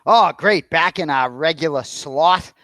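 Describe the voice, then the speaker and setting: A man with a Boston accent co-hosting a sports podcast, trading quick upbeat banter. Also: on the high side, pushed and bright, dry recording. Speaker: sports podcast co-host and fight commentator. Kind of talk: casual podcast chat.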